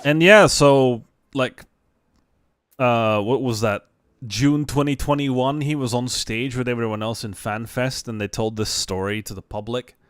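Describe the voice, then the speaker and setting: A man's voice: medium pitch, a little slow, clear, resonant tone, dry recording. A young man chatting casually on a game stream, swearing freely and laughing often. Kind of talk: casual live stream chat.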